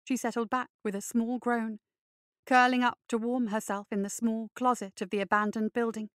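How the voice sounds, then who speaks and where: A woman reading a fantasy story aloud in measured, even scripted narration. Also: fairly high pitch, smooth, no echo, clean studio sound. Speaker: reader.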